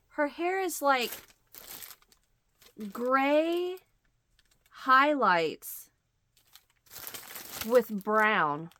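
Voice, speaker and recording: In a slightly high, somewhat bright voice, a middle-aged woman who runs a crochet channel talks casually to the camera. She tells a story and acts out the quoted lines as she goes.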